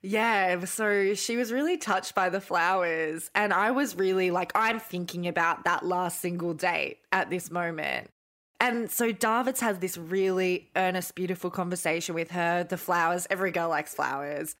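A woman's voice: on the low side, moderate pace, fairly bright tone. A woman co-hosting a podcast, telling stories in a chatty, earnest casual chat. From Australia. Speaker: podcast co-host.

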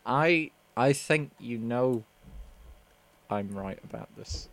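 A man's voice: mid-range voice, slow pace, gravelly. A man co-hosting a podcast, teasing and bluntly critical in casual chat.

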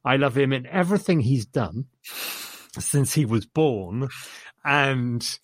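This man talks about a movie he liked as a podcast co-host, speaking slowly yet animatedly in a mid-range voice. It's a relaxed, enthusiastic ramble peppered with quoted lines, recorded cleanly in a studio with no room sound.

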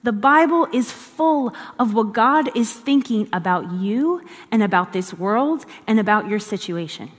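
A woman's voice: a little high, animated, measured pace, hardly any pauses. A woman giving a conversational devotional teaching in an earnest way, repeating phrases for emphasis. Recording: long hall reverb.

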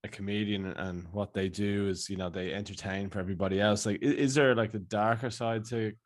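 Halting man interviewing. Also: on the low side, fairly even intonation. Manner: halting, restarts questions, laughs often. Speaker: interviewer host. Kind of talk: casual interview chat.

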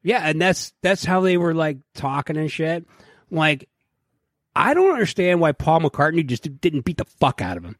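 A podcast co-host tells loud, swear-filled stories in casual chat, acting out quotes with put-on voices. His voice is a little high and moves at a moderate pace. The clean studio recording has no echo.

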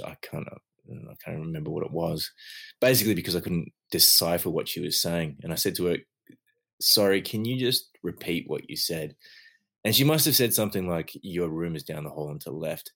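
A man from Australia talks casually in a low register, spinning animated stories. He laughs readily between lines. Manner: animated storyteller, laughs often. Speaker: actor, podcast co-host. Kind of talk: casual chat.

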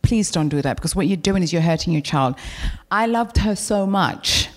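A middle-aged woman guest speaking candidly on a live stage, telling stories in a frank, animated way and swearing freely. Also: fairly low pitch, normal speed. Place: live venue with audience.

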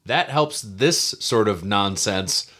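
A man's voice: fairly low pitch, lively intonation, slow pace, pushed and bright. A man co-hosting a comedy podcast, teasing his partner in casual banter. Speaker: podcast co-host.

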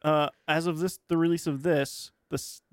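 A young man co-hosting a casual podcast, chiming in with quick jokey asides. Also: fairly high pitch, fairly even intonation, clear, resonant tone, dry recording, studio quality. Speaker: podcast co-host. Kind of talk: casual chat.

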